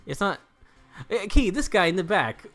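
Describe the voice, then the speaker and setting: A man's voice: high voice, very animated, moderate pace, a bit bright. A young man giving casual, joking let's-play commentary, rambling and laughing at himself. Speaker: gameplay commentator. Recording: faint game music behind.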